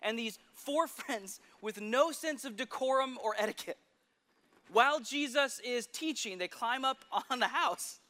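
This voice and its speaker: Guy preaching a sermon, high bright voice, tells the stories lively then goes real quiet. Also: unhurried. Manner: storytelling, with sudden drops to a hush.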